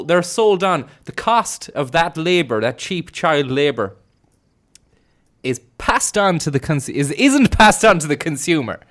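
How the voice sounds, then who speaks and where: A young Irish man rambling through sweary deadpan jokes while commentating on a game he plays. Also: medium pitch. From Limerick, Ireland. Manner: meandering, sweary, deadpan riffing. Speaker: gaming streamer. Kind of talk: rambling comic commentary over gameplay.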